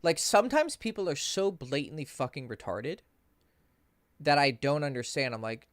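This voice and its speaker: A man's voice: on the high side, normal speed, no echo. A man coaching on dating, telling a story in a casual, profane livestream Q&A and acting out the people he quotes. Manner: casual, profane, animated when quoting others.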